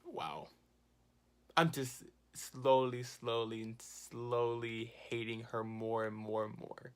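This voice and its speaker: This is a man talking straight to his viewers in a casual, chatty recap of a reality show. He is animated and exclaiming, and he laughs at the drama he describes. His pitch sits in the middle of the range for a man. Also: slow. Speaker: TV recap vlogger. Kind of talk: casual commentary.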